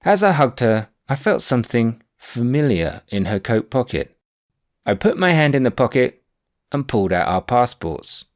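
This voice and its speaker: A man reading his own book aloud, telling a personal anecdote in a wry, animated way. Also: medium pitch, normal speed. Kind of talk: audiobook narration of a personal anecdote.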